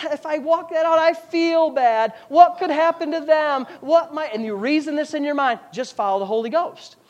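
Male pastor with a very high voice, emphatic repeating preacher style. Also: lo-fi sound. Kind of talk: sermon.

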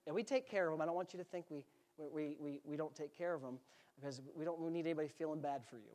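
A man's voice: a little high, fast, darkish tone, a little hiss or hum. Male pastor, conversational sermon, easygoing jokes with the congregation, church sanctuary.

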